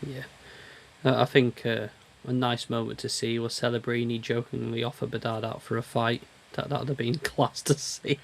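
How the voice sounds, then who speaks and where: A man's voice: medium pitch, flat delivery, normal speed, vocal fry, a little hiss or hum. A man with a British accent co-hosting a hockey podcast, bantering sarcastically and reading out team stats. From Britain. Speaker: podcast co-host. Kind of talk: casual hockey chat.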